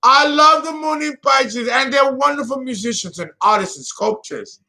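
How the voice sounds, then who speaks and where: A man's voice: extremely high pitch, moderate pace, creaky, bright, forceful tone. A man in his fifties giving a theatrical, exclamatory solo astrology talk. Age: 50s. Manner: dramatic, exclamatory, laughing.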